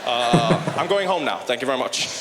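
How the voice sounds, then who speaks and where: A man doing an impression of a president who makes loud, emphatic promises, with halting speech and filler ums. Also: mid-range voice, animated, voice pushed down, natural voice. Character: president making loud tough promises, then backpedaling. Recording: echoey hall with background noise.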